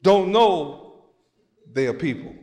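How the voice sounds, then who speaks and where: A man preaching a sermon, dramatic, shouting and acting out scenes to the congregation. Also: fairly high pitch, expressive, takes it slowly. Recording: echoey hall with long reverb.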